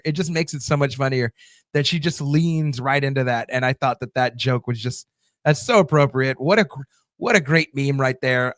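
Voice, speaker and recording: A man's voice: on the high side, fairly bright tone, no echo, clean studio sound. A man hosting a TV show review channel, casually answering viewer comments with lots of fillers and restarts. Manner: loose, chatty, many fillers and restarts.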